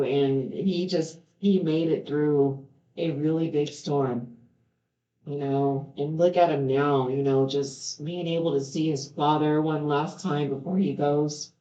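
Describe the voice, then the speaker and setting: A woman's voice: low-pitched, fairly even intonation, slow, darkish tone. A woman reading scripture aloud and stopping now and then to add earnest, heartfelt comments of her own. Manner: earnest, stops to react with heartfelt remarks. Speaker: Bible reader. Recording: roomy, slightly dull home recording.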